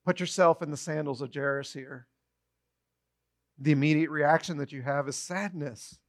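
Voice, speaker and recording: A man preaching a sermon, retelling a story with animated storytelling and short acted-out quotes. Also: fairly high pitch, normal speed.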